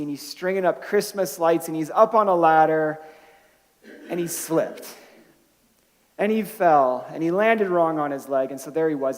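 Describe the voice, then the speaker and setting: A man preaching a sermon as pastor, telling stories in a conversational way with restarts and rising to emphatic bursts on key points. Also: fairly high pitch. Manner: conversational storytelling with frequent restarts. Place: church sanctuary. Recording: long hall reverb.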